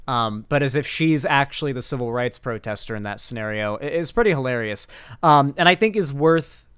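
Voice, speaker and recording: Mocking young man, smooth clear voice. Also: medium pitch, fairly bright tone, no echo, studio quality. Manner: blunt, mocking, profane. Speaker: political commentary host. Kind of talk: casual online commentary.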